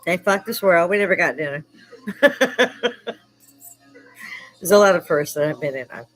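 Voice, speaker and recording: A woman's voice: on the low side, moderate pace, soft background music, poor audio. An older woman from Chicago hosting a casual live stream chat, salty and profane, laughing often between stories. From Chicago, United States. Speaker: live stream host, army veteran.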